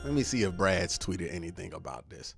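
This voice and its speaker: A man's voice: deep voice, big pitch swings, a little fast, creaky, music in the background. A man giving casual, slangy live-stream commentary, reading chat and ranting. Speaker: streamer reacting to news and chat.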